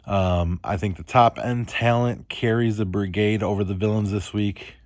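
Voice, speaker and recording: A man hosting a fantasy football show alone, talking in a monotone and rambling with many fillers. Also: fairly low pitch, moderate pace, no echo. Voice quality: monotone, self-described. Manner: rambling, lots of ums and uhs. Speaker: fantasy football league host. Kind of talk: solo casual podcast commentary.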